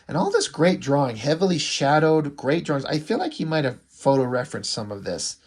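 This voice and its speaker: Rambling middle-aged comic book reviewer. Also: male voice, fairly high pitch, very animated, fairly quick, hardly any pauses, husky. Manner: rambling, hesitant, with many fillers and restarts. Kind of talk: casual vlog commentary.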